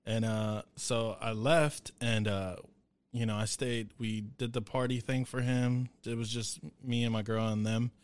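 A man's voice: medium pitch, steady tone, unhurried, smooth. A young man co-hosting a podcast, telling a story in a rambling, casual and profane way. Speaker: podcast co-host. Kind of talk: casual chat.

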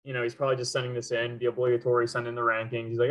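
A man's voice: mid-range voice, completely flat delivery, racing, a bit bright. A man co-hosting a sports podcast, chatting casually, rambling and laughing often. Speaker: podcast co-host.

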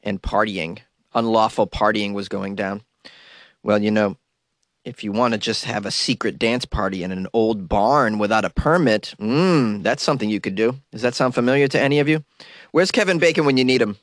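A man's voice: fairly low pitch, moderate pace, dry recording, clean studio sound. A man with a cold reading news items aloud and mocking them in wry comic commentary. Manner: wry, mocking asides between read-outs. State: has a cold. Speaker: host.

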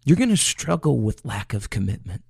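A man's voice: mid-range voice, sing-song, moderate pace, vocal fry, darkish tone, husky, no echo, clean studio sound. A man preaching an earnest, emotional sermon, often restarting phrases as he builds his point.

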